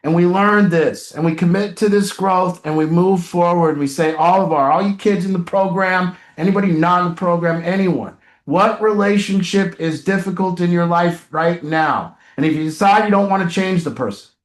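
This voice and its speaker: A man's voice: high voice, normal speed, hardly any pauses. A man leading a recovery group session, coaching members in a blunt, emphatic way with casual swearing. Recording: roomy echo.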